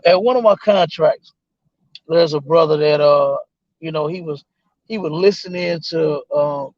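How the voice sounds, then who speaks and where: High-voiced man telling a story. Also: creaky, no room sound, muffled recording. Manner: animated, quotes others in voices, swears freely. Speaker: guest. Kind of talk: casual storytelling.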